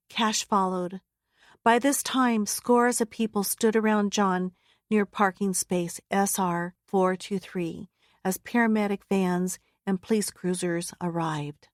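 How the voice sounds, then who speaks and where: Woman memoir narrator, mid-pitched voice, steady and earnest, close dry studio read. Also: a little slow, no room sound. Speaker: audiobook narrator. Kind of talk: first-person memoir narration. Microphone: close studio mic.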